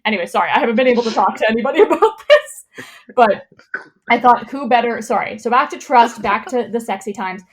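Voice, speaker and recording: A woman's voice: a little high, lively intonation, brisk. Woman, comedy podcast host: loose, profane, laughing storyteller. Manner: chatty, profane, laughs often, rambling. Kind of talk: casual comedic chat and reading aloud.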